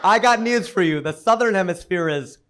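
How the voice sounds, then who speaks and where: Animated high-voiced American stand-up comic. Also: male voice, brisk, slight background noise. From United States. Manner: animated, punchy storytelling with big pitch swings. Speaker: stand-up comedian. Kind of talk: stand-up set.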